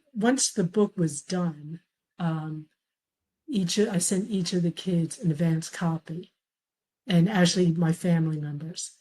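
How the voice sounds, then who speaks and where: Mellow-voiced woman telling family stories. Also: on the low side, low-quality recording. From raised in a traditional Chinese family. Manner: warm storytelling, quotes family members, laughs often. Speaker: memoir author, guest. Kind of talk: conversational interview.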